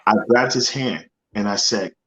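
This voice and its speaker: A man's voice: on the low side, moderate pace, bright, forceful tone. A man speaking as a motivational guest, telling a personal story in conversation, earnest and often repeating phrases as he searches for words.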